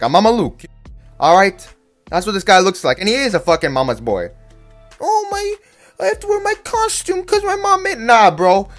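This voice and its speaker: Foul-mouthed man ranting about anime, heated and stammering, very animated delivery, with faint background music. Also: a little high. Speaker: anime commentator. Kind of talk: profane ranting commentary.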